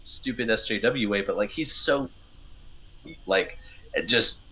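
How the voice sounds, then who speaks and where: A man's voice: fairly low pitch, measured pace, sharp tone, lo-fi sound. A man who is a guest on a casual live-stream chat, speaking hesitantly and conversationally. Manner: hesitant, many fillers and restarts, conversational.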